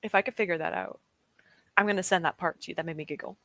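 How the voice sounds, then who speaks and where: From a desk at home, a young woman hosts a reading stream and talks casually with viewers, often laughing and reacting to the live chat. She is a fast talker with a fairly low pitch and a slightly bright tone, captured in a dry recording.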